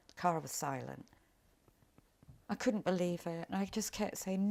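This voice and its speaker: A middle-aged woman speaks in a documentary interview, her voice slightly low and edged with creaky fry. She tells her story quietly and haltingly, often sinking toward a hush. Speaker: bereaved mother interviewed.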